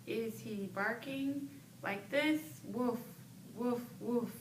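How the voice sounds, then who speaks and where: A woman playing a patient mother in a scripted role-play with a toddler, reading slowly and barking like a dog for the child. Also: on the high side. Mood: playful. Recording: echoey room, distant mic, noisy.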